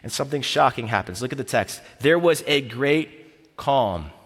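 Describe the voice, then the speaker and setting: A man preaching a sermon as pastor, telling the story vividly with repeated phrases and dropping to a hushed voice at key moments. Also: medium pitch, expressive, moderate pace, long reverb tail.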